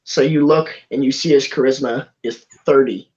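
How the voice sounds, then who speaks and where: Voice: mid-range voice, fairly even intonation, normal speed, very noisy. A game master narrating a tabletop game in a rambling, casual way with many restarts. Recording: dull lo-fi recording.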